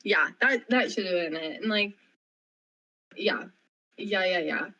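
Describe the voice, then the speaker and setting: A young woman co-hosting a casual radio chat, telling a story in an animated, rapid way full of "like". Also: mid-range voice, highs cut off. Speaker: co-host. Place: radio studio.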